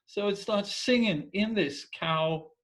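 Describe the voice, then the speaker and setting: A man telling folk tales and their morals in a relaxed conversational way, often pausing to search for words and dropping into quiet asides. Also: high-pitched, rough recording. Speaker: storyteller. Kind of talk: casual oral storytelling.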